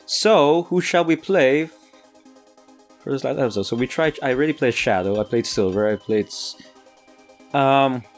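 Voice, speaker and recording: A man's voice: mid-range voice, moderate pace, long pauses, soft background music. A man with an American accent giving casual gameplay commentary, laughing often and tripping over his own restarts. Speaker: let's play gamer.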